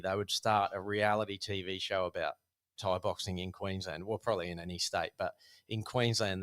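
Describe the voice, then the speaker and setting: A man, a guest telling a casual, animated story about his boxing past with many fillers. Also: on the low side. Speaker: podcast guest, former Thai boxer.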